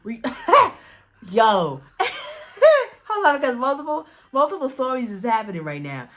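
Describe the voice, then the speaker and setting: A woman's voice: a little high, very animated, moderate pace. A young woman telling a casual storytime, rambling in slang with many restarts and acted-out quotes. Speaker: storyteller vlogger.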